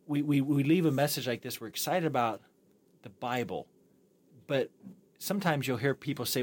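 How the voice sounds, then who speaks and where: A man's voice: mid-range voice, normal speed. Enthusiastic man co-hosting a church podcast. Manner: enthusiastic, affirming interviewer. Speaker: podcast co-host. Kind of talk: post-sermon podcast discussion.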